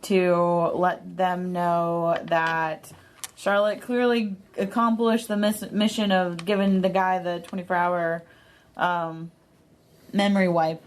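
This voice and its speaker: A woman with a fairly low voice plays a tabletop game, rambling as she plans each step aloud. A faint hiss sits under the recording. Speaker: player.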